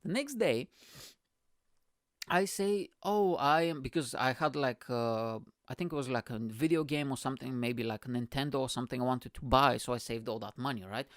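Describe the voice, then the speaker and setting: A man's voice: mid-range voice, normal speed, dry recording, clean studio sound. A man, telling a childhood story as a comedian and podcast host, swearing freely and laughing at himself. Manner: animated, swearing, laughs at his own story. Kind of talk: storytelling monologue.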